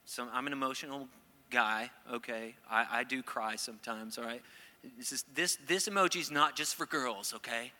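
A middle-aged man preaching a sermon, playful and animated at first, then earnest. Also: mid-range voice, moderate pace, in a large hall. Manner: playful, acts out quoted voices, then earnest. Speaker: pastor.

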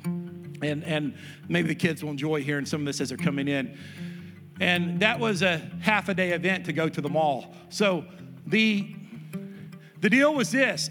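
A man preaching as a pastor, telling a childhood story with lively, animated delivery and acted-out family voices. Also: on the high side, unhurried, pauses often, long reverb tail, music in the background. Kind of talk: sermon storytelling. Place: church sanctuary.

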